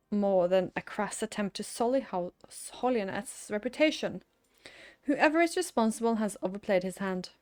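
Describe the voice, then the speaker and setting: A woman voicing a stern older noble lord in a fantasy game, reading his lines in a formal, measured way. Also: medium pitch, a little mellow, natural voice.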